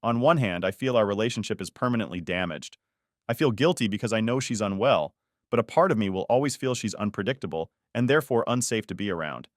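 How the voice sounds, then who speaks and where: A man reading an online post aloud as a story narrator, in a steady, even reading voice. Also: fairly low pitch, fast, no echo, studio quality.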